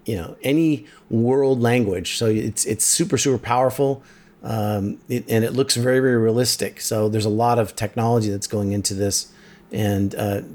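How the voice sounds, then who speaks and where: A man with a lowish voice co-hosts a casual tech podcast. He talks eagerly and recommends things with plenty of enthusiasm. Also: darkish tone. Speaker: podcast co-host.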